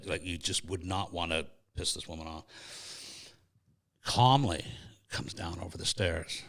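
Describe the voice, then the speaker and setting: Man telling a funny family story. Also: low-pitched. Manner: animated, jokey anecdote telling. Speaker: podcast host. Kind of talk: casual storytelling chat.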